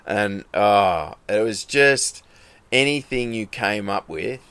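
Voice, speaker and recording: A man's voice: fairly low pitch, expressive, slow, a bit bright, clear, resonant tone. A middle-aged Australian man with an Australian accent, a rally racer telling a rambling story in casual chat and acting out the dialogue. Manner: rambling, acts out quoted dialogue.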